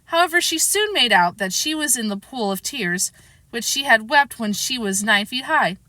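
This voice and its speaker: A woman reading a children's classic aloud in a lively, expressive way. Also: a little high, normal speed, dry recording. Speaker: storybook reader.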